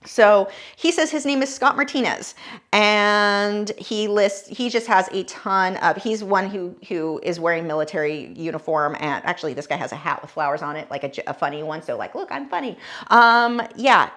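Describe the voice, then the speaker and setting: A woman's voice: mid-range voice, moderate pace, fairly bright tone. A woman giving casual, sarcastic commentary while reading scam messages aloud. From United States. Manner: sarcastic, wry asides. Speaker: art YouTuber.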